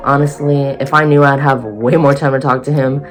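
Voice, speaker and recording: A young woman vlogging a casual storytime, excitable and giggly, acting out quoted lines in a higher voice. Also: brisk, soft background music.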